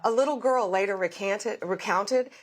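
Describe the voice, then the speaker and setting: A woman's voice: medium pitch, moderate pace. A middle-aged woman answering questions in a political news interview, telling events in vivid detail and making firm, repeated vows. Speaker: interview guest, government official.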